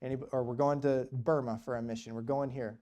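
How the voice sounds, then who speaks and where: A missionary guest speaker at a church, this man recounts a story loosely and casually, packed with quoted dialogue from past conversations. He has a mellow, medium-pitched voice with fairly even intonation, and he talks fairly quickly.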